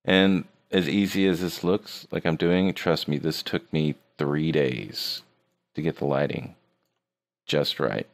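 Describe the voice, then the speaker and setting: Man, deep voice, gravelly, casual jokey tutorial, desk mic. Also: fairly even intonation, takes it slowly. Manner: joking, teasing his students. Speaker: 3D art teacher. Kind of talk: casual screen-recorded tutorial.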